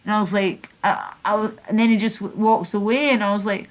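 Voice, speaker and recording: Fairly quick and with few pauses, this medium-pitched voice belongs to a woman streamer from Scotland. Chatting casually, she spins rambling stories heavy on fillers, often starting over.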